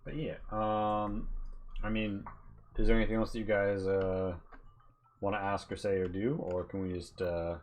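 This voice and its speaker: A man with a very deep voice runs a tabletop game as game master. He narrates casually and hesitantly, stopping often on fillers. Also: flat delivery, normal speed.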